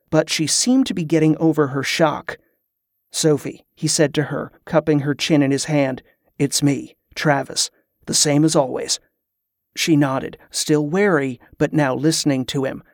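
Steady male fantasy narrator, dry sound. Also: fairly high pitch, no room sound. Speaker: audiobook narrator.

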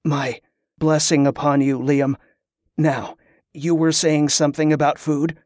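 A man's voice: a little high, level tone, unhurried, a little mellow, dry recording, studio quality, lightly acted. A man voicing a bewildered young man recovering from a grave wound, speaking plainly. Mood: wry. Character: weak, bewildered young man back from near death.

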